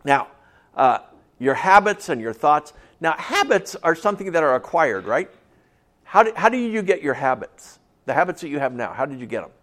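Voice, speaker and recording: A man's voice: a little high, big pitch swings, moderate pace. Folksy male pastor preaching to his congregation. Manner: conversational, asks the congregation questions, repeats key phrases; acts out stories with voices, drops to soft tones for effect. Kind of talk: sermon.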